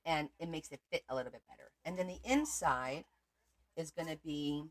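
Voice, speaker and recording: A woman hosts a casual crafting livestream from home. She chats freely with her viewers as she shows her work, in a voice a touch low in pitch. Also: normal speed.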